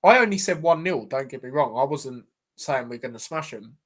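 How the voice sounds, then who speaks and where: A man's voice: mid-range voice, lively intonation, normal speed, fairly bright tone. A young man hosting a live football watchalong as a fan, chatty and exasperated, calling his viewers "mate" constantly.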